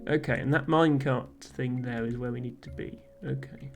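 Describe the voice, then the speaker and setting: A woman's voice: extremely low pitch, steady tone, moderate pace, vocal fry, darkish tone, faint music behind. A woman streamer playing a game live, chatting casually, laughing often and reading game text aloud.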